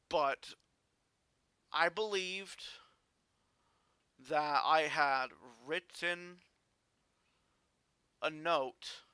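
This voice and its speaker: A man vlogging a personal story in an earnest, halting way with frequent restarts. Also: on the high side, sharp tone, clear, resonant tone, dry recording.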